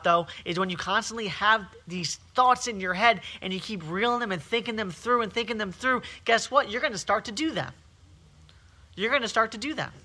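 A man with a high voice preaches with hammering repetition. His tone is piercingly bright and tense. He drives each point home in waves of emphasis. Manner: emphatic, repetitive preaching with rising and falling intensity. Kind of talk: sermon.

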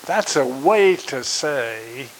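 A man preaching a sermon. He speaks slowly and deliberately, stresses his key points by repeating them, and pauses on fillers. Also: mid-range voice, expressive, a little hiss or hum, rough recording.

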